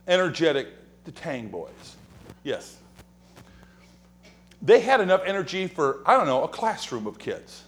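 A man preaching a sermon as pastor in a church sanctuary, telling humorous stories and acting out quoted lines. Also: high voice. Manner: animated, joking storyteller who acts out quotes and whispers.

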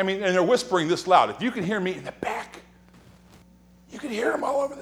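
A man's voice: high voice, fairly quick, long pauses. A man preaching a sermon as pastor in a church sanctuary, telling humorous stories and acting out quoted lines. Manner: animated, joking storyteller who acts out quotes and whispers.

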